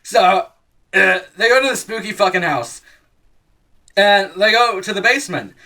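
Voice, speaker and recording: A man's voice: high voice, expressive, bright, forceful tone. A man casually retelling a scary story as comedy, rambling and swearing, often laughing at his own jokes. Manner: rambling, swearing, quick voice changes for quoted characters.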